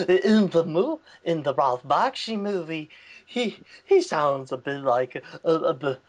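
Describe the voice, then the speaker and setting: A podcast host with a slightly high voice chats casually about a film in an unhurried but very animated way. His movie review rambles, full of "like" fillers and restarts.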